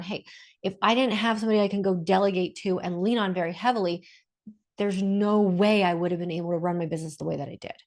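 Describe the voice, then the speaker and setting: Woman, webinar guest, emphatic, repeats herself, video call mic, mid pitch. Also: steady tone, fairly quick. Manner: emphatic, repeats points for stress. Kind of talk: casual webinar discussion.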